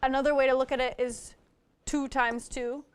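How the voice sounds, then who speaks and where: A woman's voice: high voice, little pitch movement, moderate pace, a little hiss or hum. A woman teaching math on a live call-in TV show, patiently counting things out step by step. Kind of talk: live TV lesson. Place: TV studio.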